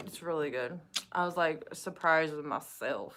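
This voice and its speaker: A woman co-hosting a casual chat, animated and swearing as she retells stories. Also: sits low, normal speed. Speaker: co-host.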